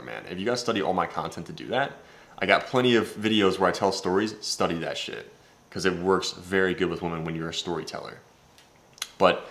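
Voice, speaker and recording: A man's voice: low-pitched, fairly bright tone. A young man coaching on dating, telling a story in a brash, swearing, casual vlog style.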